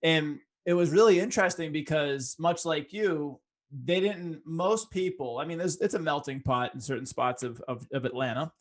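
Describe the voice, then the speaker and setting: A podcast host with a faint Boston accent chats easily with his guest. His voice is a touch higher than most men's, and his manner is relaxed and friendly. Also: moderate pace. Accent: muted Boston. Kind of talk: casual interview chat.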